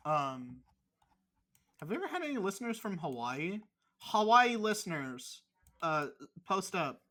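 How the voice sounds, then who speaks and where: A man's voice: on the high side, big pitch swings, normal speed, sharp tone. A man co-hosting a podcast over a remote call, teasing his co-host in crude, mock-angry casual chat full of swearing.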